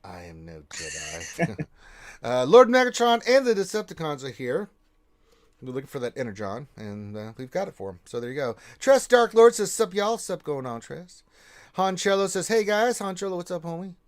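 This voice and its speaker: A man hosting a casual gaming livestream, reading out chat messages and giving loud shout-outs to viewers. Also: sits high, sing-song, normal speed.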